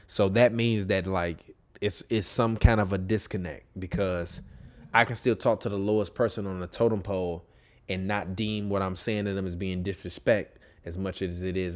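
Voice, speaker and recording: A man with a lowish voice talks through sports in a loose, animated way. He trails off and corrects himself as he goes. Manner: animated, rambling, frequent self-corrections. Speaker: podcast co-host. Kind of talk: casual sports talk.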